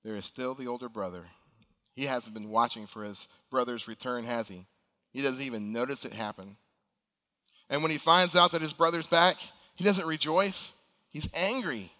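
A man's voice: mid-range voice, normal speed, long pauses, sharp tone. A man preaching a sermon as pastor, earnest and emphatic in his appeals. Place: church sanctuary. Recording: long reverb of a large hall.

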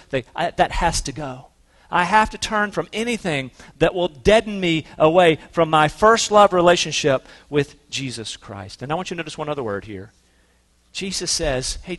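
A man preaching a sermon as pastor in a church, earnest and swinging between soft and emphatic, closing with a prayer. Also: a little high.

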